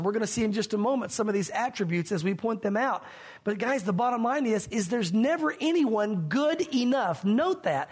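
A man's voice: high voice, slightly rough. A man preaching a sermon as pastor, earnest and questioning, addressing his congregation directly.

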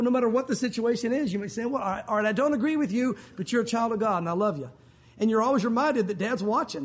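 A man's voice: extremely high pitch, a little mellow, breathy edge. A man preaching a sermon as pastor, earnest and direct, often calling his listeners "guys".

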